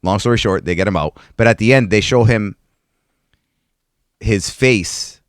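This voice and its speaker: A man co-hosting a casual movie chat, telling scenes from films at length in an animated, storytelling way. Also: lowish voice, unhurried, no echo, studio quality. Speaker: podcast co-host.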